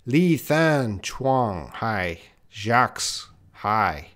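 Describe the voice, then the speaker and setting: A man's voice: on the low side, very animated, very slow, a bit bright. A man teaching English on a live stream, reading out viewer questions and answering them bluntly. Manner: reads viewer questions aloud and corrects them, blunt and direct.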